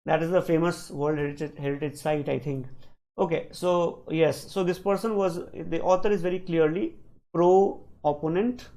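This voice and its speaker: A man's voice: fairly high pitch, fairly even intonation, moderate pace, dark tone, low-quality recording. A man teaching a live online reading lesson, questioning his students and repeating points for emphasis. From India. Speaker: online exam-prep teacher.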